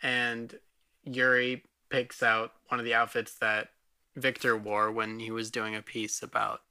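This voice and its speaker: A woman's voice: a bass voice, level tone, unhurried, bright, forceful tone, smooth. A woman co-hosting a podcast recap with dry, irreverent humor. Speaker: podcast co-host. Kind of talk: casual recap chat.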